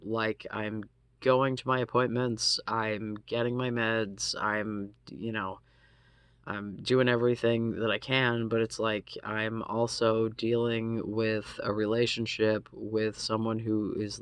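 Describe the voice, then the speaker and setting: Slow, halting man telling a story. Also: lowish voice, fairly bright tone, clean tone, no echo. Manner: halting, profane, many restarts. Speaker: vlogger. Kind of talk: casual storytime monologue.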